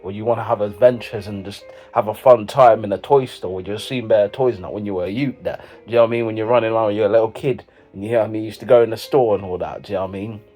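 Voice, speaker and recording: A man's voice: lowish voice, fairly even intonation, very fast, few pauses, darkish tone, soft background music. Slangy man riffing on camera. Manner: rambling slangy delivery, constant "you know what I mean". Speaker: comedy vlogger reacting to dating profiles. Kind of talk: jokey commentary with sung snippets.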